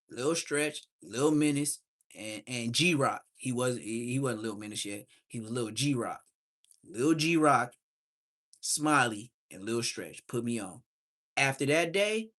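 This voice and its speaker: A man hosting a livestream, telling street stories casually and acting out the voices of people in them. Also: medium pitch. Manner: animated street storytelling, acts out quoted voices. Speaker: livestream host. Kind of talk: casual storytelling.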